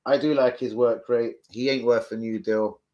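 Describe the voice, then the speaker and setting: A man's voice: mid-range voice, fairly even intonation, normal speed, warm tone, highs cut off. A man hosting a fan live stream, chatting casually, swearing freely and answering viewers off the cuff. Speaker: fan channel host.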